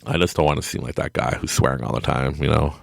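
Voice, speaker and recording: A man's voice: extremely low pitch, quick pace, creaky, dry recording, clean studio sound. A middle-aged man hosting a podcast from home at night, giving a rambling, self-deprecating motivational talk and laughing often. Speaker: podcast host. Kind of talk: casual motivational monologue.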